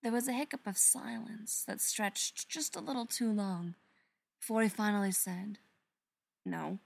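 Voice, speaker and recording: A woman narrating a story aloud in an expressive storytelling manner. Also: mid-range voice, gravelly. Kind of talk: reading fan fiction aloud.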